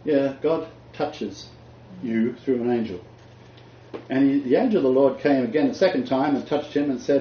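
An older man from Australia, preaching and telling a personal story with sudden loud peaks. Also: medium pitch, moderate pace, reverberant, muffled recording, slight background noise.

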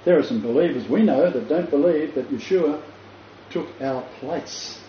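The speaker is an older man in Christian ministry whose fairly high voice has a dark tone and a normal pace. His teaching talk is casual yet emphatic, full of repeated key phrases and stumbling fillers. Audio is roomy and lo-fi with a little faint noise.

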